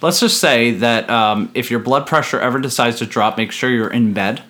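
A man's voice: medium pitch, moderate pace, pushed and bright. A man co-hosting a casual podcast chat, speaking with a lisp after a tooth procedure, often laughing at himself. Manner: giggly and self-deprecating. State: lisping from a fresh tooth procedure. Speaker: podcast co-host, church elder.

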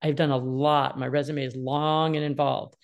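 Her voice is extremely low, and she keeps a moderate pace. She's a woman in her sixties, a casual guest giving parenting advice who expressively acts out what children feel in quoted voices.

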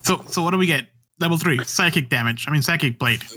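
High, bright, playful podcast man. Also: no echo. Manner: playful, jokey, quick to laugh. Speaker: podcast co-host. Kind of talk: casual chat.

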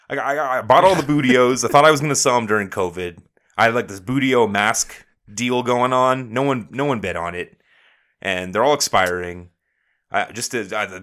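A man's voice: on the low side, a bit bright. A young man co-hosting a wrestling podcast, chatting casually, joking and swearing freely. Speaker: podcast co-host.

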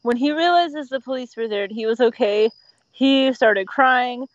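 A woman who works as an emergency dispatcher, chatting casually and telling animated stories, often laughing and acting out what callers said. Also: on the high side, normal speed, no room sound, lo-fi sound. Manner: animated storyteller, laughs often, acts out quotes. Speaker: 911 dispatcher. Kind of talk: casual podcast chat.

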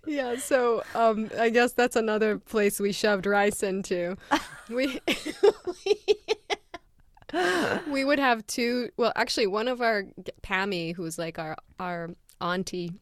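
A woman's voice: mid-range voice, slow pace, dry recording. A woman co-hosting a podcast, recounting family stories with animation and lots of laughter. Her voice sits mid-range and sounds dry and close. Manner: animated storyteller, laughs often. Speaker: podcast co-host. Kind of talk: casual chat.

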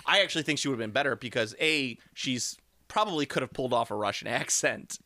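Chatty podcast man with a bright, forceful voice. He talks about movies in loose, joking asides and speaks close to a dry, deadened mic. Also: medium pitch, lively intonation, no echo. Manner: chatty, quick asides and laughs. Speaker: podcast co-host. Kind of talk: casual movie podcast chat.

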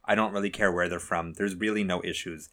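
A man co-hosting a podcast, speaking in a measured, gentle and thoughtful way. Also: deep voice, fairly even intonation. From North America. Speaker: podcast co-host. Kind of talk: casual chat.

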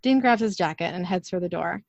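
A woman's voice: lowish voice, brisk, creaky, no echo. A woman casually reading out an episode recap in a plain, matter-of-fact way. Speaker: recap narrator. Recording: slightly dull lo-fi audio.

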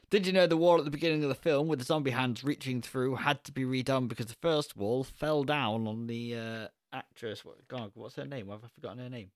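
A man's voice: medium pitch, steady tone, normal speed, no echo, clean studio sound. A man co-hosting a casual film review podcast, rambling and laughing at his own asides. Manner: rambling, self-correcting, laughs a lot. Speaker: podcast co-host.

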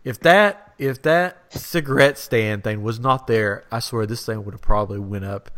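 A man's voice: on the low side, normal speed, fairly bright tone. A man in his thirties, a podcast co-host, telling a rambling anecdote in casual chat with frequent laughs.

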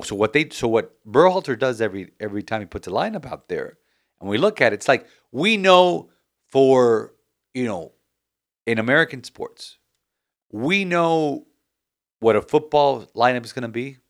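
Man, podcast host, casual sports chat, mid-pitched voice, animated, rambling. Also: moderate pace. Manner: animated, rambling, frequent restarts.

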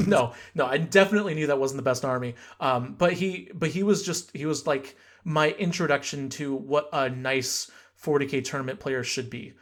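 Guy on a podcast rambling thru a story, um and uh everywhere, average pitch. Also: moderate pace, a bit bright. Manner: rambling, many fillers and restarts. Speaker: podcast host. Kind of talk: casual storytelling.

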